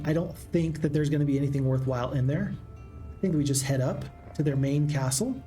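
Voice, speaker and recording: A man with a slightly high, mellow voice talks through his moves in a strategy game, chatty and musing aloud to his viewers. Faint game music plays underneath. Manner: chatty, thinks aloud, addresses folks. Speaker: gaming channel host. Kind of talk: casual strategy game commentary.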